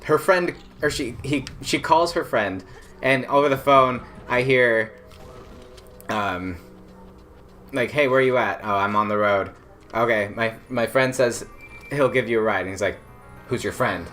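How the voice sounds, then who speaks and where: A man's voice: medium pitch, a little slow, pauses often, a bit bright, faint music behind. A young man casually telling a personal story, rambling with lots of fillers and laughing as he goes. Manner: rambling, filler-heavy, laughs through the tale.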